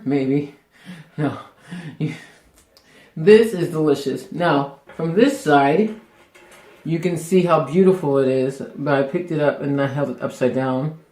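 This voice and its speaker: A man with a somewhat high voice hosts a casual cooking vlog from a home kitchen. He rambles and laughs as he goes. The room echoes around him. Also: darkish tone. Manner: chatty, rambling, laughs often. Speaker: cooking show host.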